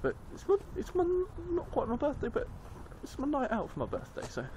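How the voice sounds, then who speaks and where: A man's voice: very high-pitched, huge pitch swings, a little fast, darkish tone. A young man, vlogging casually into his phone, rambling and swearing as he tells a story. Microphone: handheld phone. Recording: noisy street recording on a phone.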